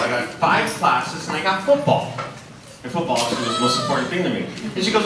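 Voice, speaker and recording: Man, motivational speaker at a school assembly, high-pitched and energetic, recorded from a distance in a noisy, very echoey hall. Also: a little fast. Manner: energetic storytelling, asks the audience questions. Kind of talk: motivational talk to students.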